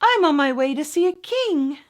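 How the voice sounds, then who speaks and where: A woman voicing a gentle, cooing dove in a storybook tale. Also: expressive, moderate pace. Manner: cooing, very high.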